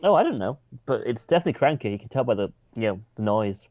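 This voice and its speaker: A man voicing a timid, eager, childlike young male character who stammers and gasps with excitement in a tabletop role-play. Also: fast, no echo, muffled recording, natural voice. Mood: earnest. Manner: excitable, stammering, gasping with high squeals.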